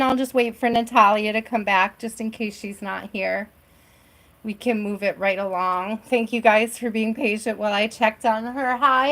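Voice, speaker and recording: Hosting a tarot livestream from her home, a middle-aged woman speaks with a fairly high pitch. Her tone is casual and reassuring, and she keeps asking "right?" to check in.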